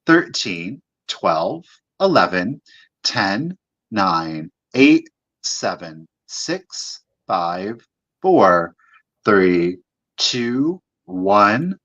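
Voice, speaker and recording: A live-sale co-host who counts down bids at an unhurried pace and thanks each buyer by name. The pitch moves a lot, rising and falling. The sound is dull and lo-fi. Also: sing-song, a bit bright. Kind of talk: live online sales chat.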